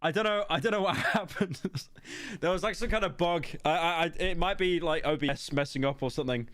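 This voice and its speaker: A man's voice: on the high side, a little fast, fairly bright tone, no echo. A man with a British accent live-streaming a horror game, joking and rambling defensively at chat. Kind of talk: casual live-stream commentary.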